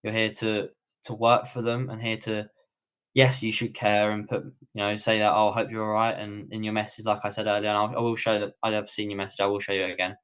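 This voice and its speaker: A man's voice: on the low side, little pitch movement, brisk, a bit bright, clear, resonant tone. A man with a British accent answering viewer questions on a livestream tutorial, in a casual, rambling way with many fillers and restarts. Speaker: online coach.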